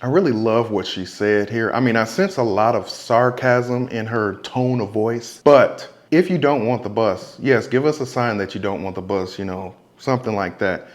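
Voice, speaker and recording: A man's voice: lowish voice, moderate pace, hardly any pauses. A man who works as a bus driver, talking through video clips in a casual commentary vlog and giving earnest, repetitive safety advice. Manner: earnest, advice-giving, repeats points for emphasis.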